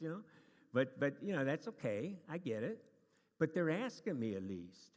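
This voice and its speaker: A man's voice: on the high side, sing-song, normal speed, a little mellow. A man teaching a church class to a live group, chatty and joking, with many restarts. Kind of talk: casual lesson to a live group. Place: church meeting room. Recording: long reverb of a hall.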